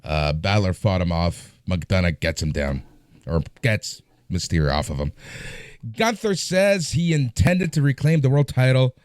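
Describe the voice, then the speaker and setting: A man co-hosting a podcast, chiming in with short remarks and quick recaps. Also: sits low, very animated, darkish tone, smooth, dry recording, studio quality. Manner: brief interjections and quick recaps. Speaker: podcast co-host. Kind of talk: casual wrestling chat, recapping.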